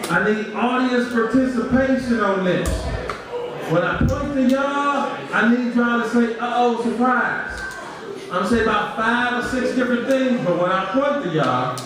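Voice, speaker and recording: Male comic, crude and brash, high voice, echoey club taped from far off over a loud crowd. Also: lively intonation, normal speed. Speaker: stand-up comic. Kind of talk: open mic stand-up set. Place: comedy club stage.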